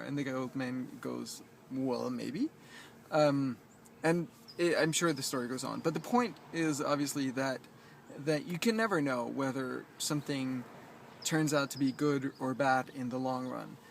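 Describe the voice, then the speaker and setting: A man coaching in a casual vlog from an outdoor rooftop, talking in a hesitant, reflective way full of ums and restarts, gently reassuring. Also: on the high side, slight background noise. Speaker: life coach.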